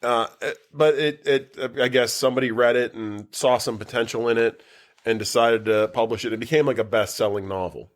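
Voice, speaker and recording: A man chatting on a home-made podcast, recorded in a basement. His voice sits at an ordinary middle pitch and bounces with excitement, laughter and the odd curse as he riffs on a movie. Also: moderate pace. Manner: animated, swears freely, laughs a lot. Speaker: podcast co-host. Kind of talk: casual podcast chat.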